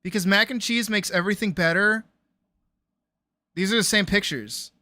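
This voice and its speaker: A woman streamer chatting casually on a live stream, reacting loudly with exclamations, swearing and laughter. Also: medium pitch, moderate pace, no room sound. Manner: loud, exclamatory, swears freely, laughs often.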